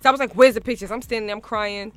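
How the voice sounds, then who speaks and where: A woman's voice: fairly high pitch, steady tone, rapid-fire, a bit bright. A woman hosting a radio show, telling a story in casual chat, laughing often and acting out both sides.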